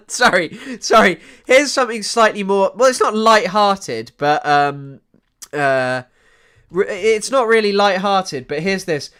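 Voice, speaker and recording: A young man doing casual live-stream commentary, animated and sweary, often trailing off into mumbles. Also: sits high, slow pace, pauses often, clean tone. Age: young adult. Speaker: streamer reacting to news clips.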